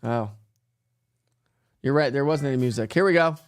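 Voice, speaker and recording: A man's voice: medium pitch, moderate pace. A man in his thirties hosting a casual morning weather livestream, chatting and rambling with folksy asides. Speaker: weather show host.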